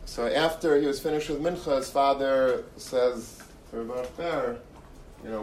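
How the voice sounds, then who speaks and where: A man's voice: medium pitch, fairly even intonation, normal speed, a little mellow. Man giving an earnest Torah talk. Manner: earnest, repeats and restarts phrases. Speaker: Torah lecturer. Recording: echoey room, mic far off, faint noise.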